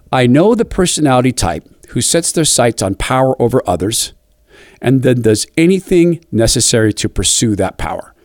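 A man talks straight into a dry, close microphone, at a mid-range pitch that sits neither high nor low. His pace is measured, and he slows right down to land his points in an opinionated commentary monologue. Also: a little mellow, no echo. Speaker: political commentator.

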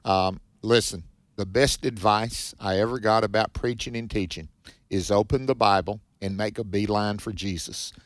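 A man's voice: on the low side, steady tone, no room sound. A man hosting a radio Bible teaching show, reading verses and explaining them emphatically. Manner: warm-hearted, emphatic, reads scripture then comments quickly.

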